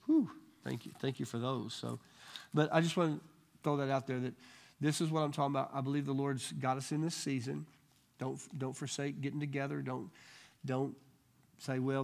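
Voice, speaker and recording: A man teaching a Bible study to a live group, telling stories in a casual, animated way and acting out the people he quotes. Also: medium pitch, vocal fry. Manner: animated storyteller, acts out quoted voices. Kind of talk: casual church teaching with storytelling.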